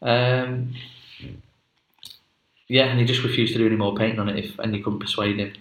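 In an echoey room, a podcast co-host chats casually, spinning a meandering, joke-filled story full of filler words. His voice is fairly low with little pitch movement, and he speaks at a normal speed.

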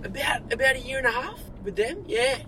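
A young Australian man with a high, bright, very lively voice bubbles with enthusiasm and laughs often as he chats from the back of a car. He throws in plenty of slang, and faint background noise sits under the recording. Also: a little fast, rough recording. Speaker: passenger, student and model. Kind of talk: casual chat. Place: inside a car.

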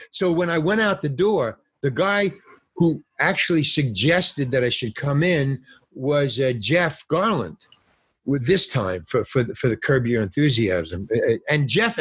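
A man's voice: mid-range voice, breathy edge, no room sound. An older actor telling rambling anecdotes in a casual interview, acting out the lines of people he quotes. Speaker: actor and guest.

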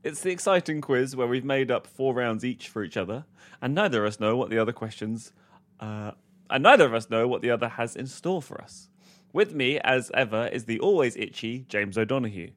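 A man hosting a comedy quiz podcast, playful and quick with jokes, often laughing. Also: mid-range voice, fairly bright tone. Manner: playful, giggly, quick asides. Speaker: quiz host.

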